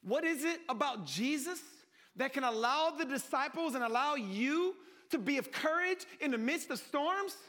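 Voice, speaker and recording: Guy preaching a sermon, really high voice, sharp and bright, jokey, keeps calling everyone family. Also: moderate pace. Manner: animated and joking, calls the listeners "family"; swings from hushed to loud.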